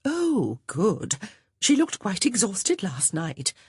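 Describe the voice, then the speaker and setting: A woman's voice: medium pitch, wildly swooping pitch, slow pace, husky, dry recording, pitched above the performer's own voice, exaggerated voice. Woman doing a trilling, gushing society matron. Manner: trilling and loud.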